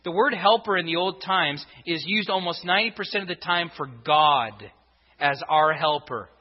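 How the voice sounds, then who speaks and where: A pastor with a fairly high voice preaches to his congregation at a normal speed, hammering his points with repeated rhetorical questions. It's recorded in a church sanctuary, and the sound is dull and reverberant.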